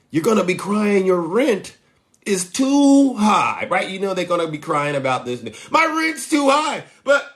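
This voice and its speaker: A man with a fairly high voice rants at his viewers during a live stream, mocking and combative, often slipping into the voices of imagined critics. The sound is echoey, as if recorded in a bare room. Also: fairly bright tone. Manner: mocking, combative, riffs with acted-out exchanges. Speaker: livestream host. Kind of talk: ranting political livestream commentary.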